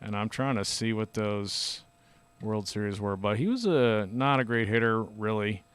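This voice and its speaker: A man's voice: lowish voice, moderate pace, a bit bright, clear, resonant tone. A man hosting a podcast, telling stories in a loose, rambling, chatty way. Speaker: podcast host. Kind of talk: casual podcast chat.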